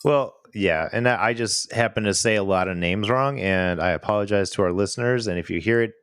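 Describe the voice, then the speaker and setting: A man with a Chicago accent talks in a dry, close way, his voice sitting low. He rambles, stalls on words, and laughs easily as he co-hosts a casual podcast chat. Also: a little fast, fairly bright tone, clear, resonant tone, no echo. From Illinois–Wisconsin border, US. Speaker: podcast co-host.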